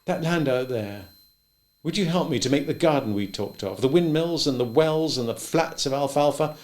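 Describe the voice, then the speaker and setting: A man's voice: mid-range voice, normal speed, darkish tone, pitched above the performer's own voice, natural voice. A man voicing an eager, earnest grown male landowner who pleads with a raised, hopeful voice. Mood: pleading.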